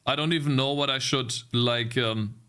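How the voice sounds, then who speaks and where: A man's voice: mid-range voice, fairly even intonation, normal speed, sharp tone, clear, resonant tone. A young man streaming himself programming, muttering through bugs and talking to his chat. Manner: frustrated muttering while debugging, talking to chat. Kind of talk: live coding stream chat.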